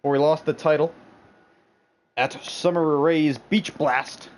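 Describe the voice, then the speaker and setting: A man's voice: on the high side, fairly even intonation, measured pace, low-quality recording. Man doing hammy wrestling play-by-play. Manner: bombastic announcer voice, breaks into laughs and banter. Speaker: streamer commentating a wrestling video game.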